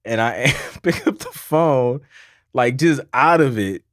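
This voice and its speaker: A man's voice: mid-range voice, animated, slow pace, fairly bright tone, no room sound. Dry-voiced man telling a rambling story. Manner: rambling, laughs between phrases, repeats himself. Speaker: livestream host. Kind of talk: casual storytelling chat.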